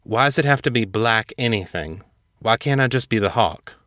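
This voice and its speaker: A man's voice: medium pitch, animated, moderate pace, a bit bright, no echo, natural voice. Guy doing young airman, earnest, careful, kinda hesitant, dry close sound. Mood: frustrated. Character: young Black male airman, earnest and guarded.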